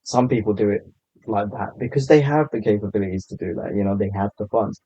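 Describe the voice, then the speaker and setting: Laid-back low-voiced man, muffled. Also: fast talker, dark tone, no echo. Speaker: podcast guest, content creator. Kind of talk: casual podcast chat. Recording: slightly muffled lo-fi sound.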